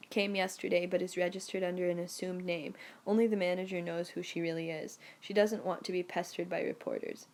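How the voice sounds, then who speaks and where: A woman reading as a sly, hushed hotel doorman. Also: on the low side, little pitch movement, fairly quick, hardly any pauses, close to an everyday voice. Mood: confiding. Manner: hushed, confiding.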